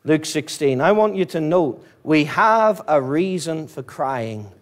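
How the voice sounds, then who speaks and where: A Northern Irish man preaching a fiery evangelistic sermon as pastor, repeating pleading questions and swinging from urgent high emphasis to low, quiet drops. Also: expressive, takes it slowly. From Northern Ireland. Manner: rising to urgent high-pitched emphasis, then dropping low; repetitive, pleading rhetorical questions.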